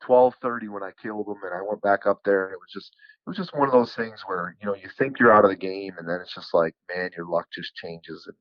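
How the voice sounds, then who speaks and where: Lower-voiced man spinning a lively yarn. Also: fast talker, no room sound, highs cut off. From New York. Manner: animated storyteller, fillers like "you know", repeats words for emphasis. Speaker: podcast guest, turkey caller. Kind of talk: casual anecdote telling.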